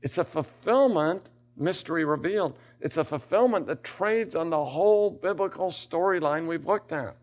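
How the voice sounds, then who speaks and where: A man's voice: a little high, expressive, normal speed. An older man giving a theology lecture in a classroom, reading scripture aloud and asking rhetorical questions, building to emphatic bursts.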